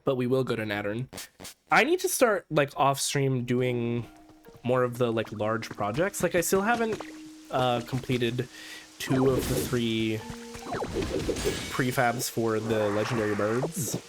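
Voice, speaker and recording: A man's voice: mid-range voice, lively intonation, unhurried. Campy, chatty male game streamer. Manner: campy, chatty, jokey asides to chat. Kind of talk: casual gameplay commentary. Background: game music.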